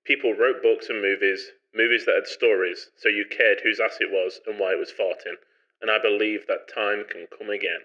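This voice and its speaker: An actor narrating a film voice-over in an earnest, measured storytelling manner, as a wistful adult man. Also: lowish voice, fairly even intonation, sharp tone. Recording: dull lo-fi film clip.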